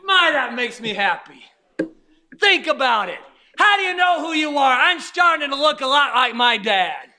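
A man preaching a sermon, calling out to the congregation, shouting his exclamations and at times dropping to a near whisper. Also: very high-pitched, big pitch swings, normal speed.

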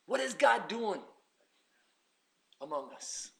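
A man preaching a sermon, dropping to hushed asides and rising to shouted emphasis. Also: sits high, very animated, slow, vocal fry.

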